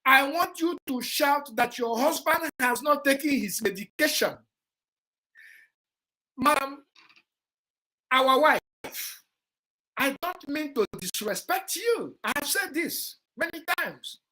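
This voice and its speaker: A Nigerian-accented woman with a notably high voice delivers impassioned livestream commentary. She repeats herself for emphasis and talks straight at the person she criticizes, lecturing with force. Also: lively intonation, takes it slowly, pauses often. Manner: forceful, repetitive, lecturing, addresses a rival directly. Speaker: vlog host.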